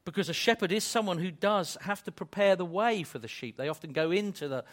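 A man with a slightly raised pitch delivers a sermon, building to loud peaks before easing back to near quiet. He restarts and repeats phrases as he goes. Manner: dynamic preaching, swells loud then drops soft. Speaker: preacher.

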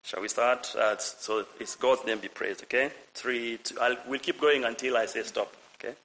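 A man preaching a lively sermon, asking the congregation questions and repeating his phrases. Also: medium pitch, moderate pace, poor audio. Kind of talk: lively sermon with audience participation.

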